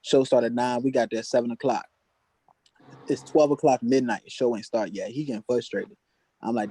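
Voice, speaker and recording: A man's voice: medium pitch, fairly even intonation, normal speed, mellow, breathy edge, dry recording, low-quality recording. Man doing loose, slangy stand-up storytelling. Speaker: stand-up comedian. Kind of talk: stand-up comedy set. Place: open mic comedy venue.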